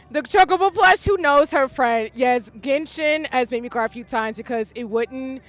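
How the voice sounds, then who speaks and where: High, bright woman streamer crying. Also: unhurried, dry recording. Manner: gushing and overwhelmed, swinging between wailing and mumbling. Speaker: game streamer. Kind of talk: live gameplay reaction. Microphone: desk microphone.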